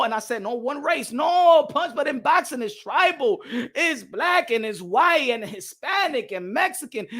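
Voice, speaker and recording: A man's voice: high-pitched, a bit bright. A man hosting a boxing live stream, ranting heatedly, repeating phrases and switching between English and Spanish. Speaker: boxing channel host.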